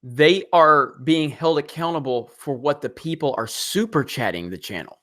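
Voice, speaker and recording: A man's voice: a little high, moderate pace, a bit bright. A man with a Southern US accent hosting a casual live stream chat, rambling and laughing easily.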